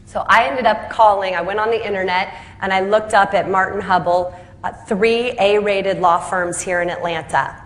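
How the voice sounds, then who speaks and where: A woman founder tells her story in a speech, lively and self-deprecating, performing the voices of people she quotes and laughing at her own punchlines. She has a medium-pitched voice and speaks at normal speed.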